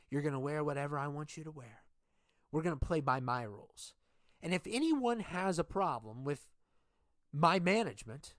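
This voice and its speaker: A man voicing a scheming male dictator boss of a wrestling show, making slow, deliberate threats. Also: fairly high pitch, no room sound, clean studio sound, natural voice. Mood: mocking. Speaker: wrestling show authority figure.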